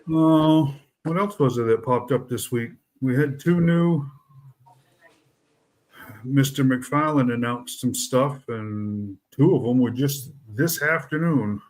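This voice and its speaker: A middle-aged man, hosting a casual chat and rambling through his points with fillers and restarts. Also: medium pitch.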